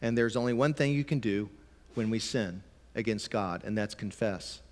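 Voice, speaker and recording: A man preaching a conversational sermon, sometimes emphatic and sometimes dropping to a quiet, low voice. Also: moderate pace, long reverb tail. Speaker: pastor.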